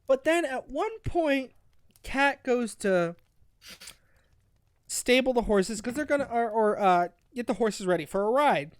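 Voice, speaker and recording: A man's voice: very high-pitched, lively intonation, measured pace, dry recording, clean studio sound. A man co-hosting a casual review chat, crude and sarcastic, often restarting his sentences. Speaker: podcast co-host.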